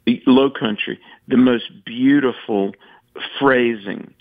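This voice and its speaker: A man's voice: mid-range voice, slow, no room sound. Southern male radio guest, chatty raconteur, dry muffled line. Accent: Southern American. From American South. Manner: chatty storyteller, laughs often. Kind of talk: radio phone-in chat.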